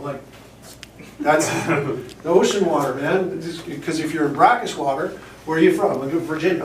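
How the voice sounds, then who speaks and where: A man's voice: fairly high pitch, normal speed. A man who shucks oysters, giving a rambling, jokey hands-on talk to shop staff and acting out little quotes as he goes. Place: fish shop, indoors. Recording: roomy, distant camera, faint hum.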